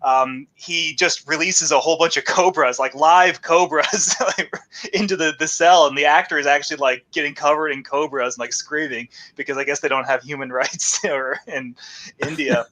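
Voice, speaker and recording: A man's voice: fairly high pitch, fairly even intonation, moderate pace, bright, forceful tone. A man in casual chat, reviewing a cheap horror movie with a co-host, loose and laughing often. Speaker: podcast co-host.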